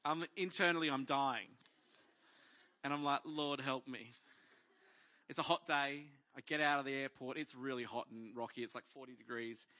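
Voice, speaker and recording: A man's voice: mid-range voice, fairly even intonation, normal speed, pushed and bright. A middle-aged man, a pastor telling a story in a sermon and acting out the voices of the people in it.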